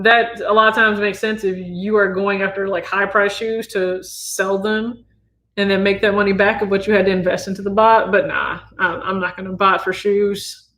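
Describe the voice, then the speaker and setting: A man in his thirties from the US Midwest, casually answering viewer questions on a livestream. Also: high voice. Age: 30s. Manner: relaxed, chatty, reads viewer questions aloud. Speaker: sneaker channel host.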